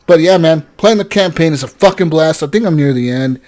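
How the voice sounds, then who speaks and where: A high-voiced man telling a gaming story. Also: fast talker, hardly any pauses. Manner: animated storytelling, swearing, quoting game characters. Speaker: podcast co-host. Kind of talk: casual gaming chat.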